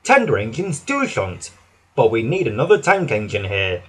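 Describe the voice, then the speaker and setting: Guy doing a stern railway boss, loud and firm, husky, bouncy pitch, kids storybook. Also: wildly swooping pitch, heavily acted. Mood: brisk. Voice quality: firm, commanding. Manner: brisk, loud exclamations. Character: stern portly railway boss, bossy but kind.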